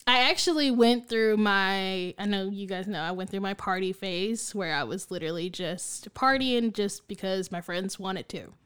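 A woman's voice: mid-range voice, normal speed, few pauses, fairly bright tone, smooth. Woman podcast guest, chatty and giggly, casual delivery. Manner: laughs often, chatty.

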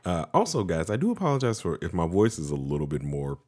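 A man co-hosting a casual podcast, deep-voiced and a bit congested from allergies, meandering and self-correcting as he talks. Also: wildly swooping pitch, fast, a little mellow, husky. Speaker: podcast co-host.

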